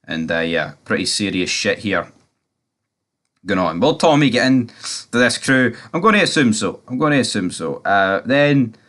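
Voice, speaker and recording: A man's voice: lowish voice, very animated, moderate pace, fairly bright tone. A man casually recapping a TV episode, rambling with lots of fillers and frequent swearing.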